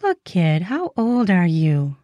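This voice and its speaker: A woman's voice: fairly low pitch, sing-song, slow, no room sound, dull audio. Woman voicing a bold teasing older woman. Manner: sultry, teasing, hissing. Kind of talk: erotic audiobook reading.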